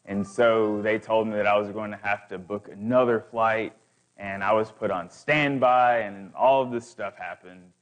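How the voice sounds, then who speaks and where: A man's voice: lowish voice, steady tone, moderate pace. A man preaching as a guest speaker, building emphatic, repetitive lists. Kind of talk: sermon.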